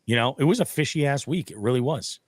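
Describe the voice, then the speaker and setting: A man hosting a casual fishing podcast, telling animated stories with a lot of swearing. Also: mid-range voice, quick pace, dry recording, clean studio sound. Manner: animated storytelling, heavy swearing. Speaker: podcast host. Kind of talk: casual profane chat.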